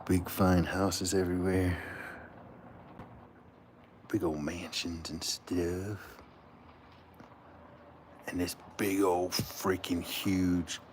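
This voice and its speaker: A man rambles and jokes on a live stream, out of breath and talking slowly in a lowish voice. He swears now and then while he walks outdoors in the cold, with clear noise all around him. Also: little pitch movement. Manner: rambling, joking, swearing, talks to himself. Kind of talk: casual live-stream chat.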